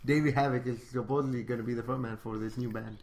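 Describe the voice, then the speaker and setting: A man's voice: mid-range voice, fairly even intonation, fast, darkish tone. Male podcast co-host, mid-range voice, easygoing, chatty, trails off. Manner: easygoing, chatty, trails off and loses his thread. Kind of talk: casual entertainment news chat.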